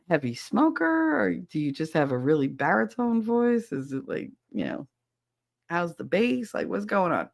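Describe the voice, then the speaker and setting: A podcast host goes through listener chat in a casual, blunt manner, swearing without hesitation. Her voice is fairly low and gravelly, and the recording is clean studio sound with no room noise.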